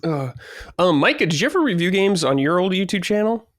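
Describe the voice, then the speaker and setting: A man's voice: high-pitched, big pitch swings, fairly quick. A man co-hosting a gaming podcast in playful, goofy casual chat. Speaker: podcast co-host.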